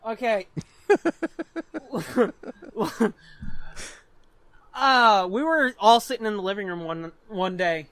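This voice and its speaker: A man in his twenties co-hosting a podcast, telling stories in an animated, profane way and laughing often. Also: high-pitched, drawn-out words, long pauses, dry recording. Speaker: podcast co-host. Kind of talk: casual chat, storytelling.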